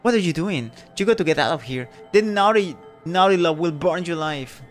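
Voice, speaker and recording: A man voicing a flustered woman village mayor who sounds fretful, prim and high-strung. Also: animated, fairly quick, faint music behind, lightly acted. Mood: frantic.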